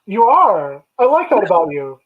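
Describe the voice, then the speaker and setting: A man's voice: high-pitched, big pitch swings, normal speed, phone-quality sound. A male guest, a songwriter and performer, talking easygoingly in casual chat.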